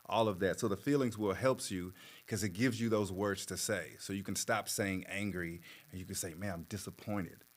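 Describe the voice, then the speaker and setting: A man working as a therapist, explaining in a measured, patient way with plenty of fillers. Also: sits low, fairly even intonation. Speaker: therapist guest. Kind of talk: conversational explanation.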